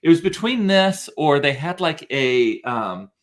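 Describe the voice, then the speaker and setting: A man's voice: on the high side, lively intonation, unhurried. A young man, telling a story in a chatty, rambling vlog with plenty of fillers and restarts. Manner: chatty, rambling, with many fillers and self-corrections. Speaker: vlogger.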